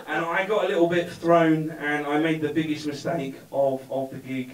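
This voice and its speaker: Sardonic stand-up comic, high voice. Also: male voice, little pitch movement, moderate pace. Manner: sardonic, rambling storytelling. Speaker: stand-up comedian. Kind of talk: stand-up routine. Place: comedy club stage. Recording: echoey room, far mic, background noise.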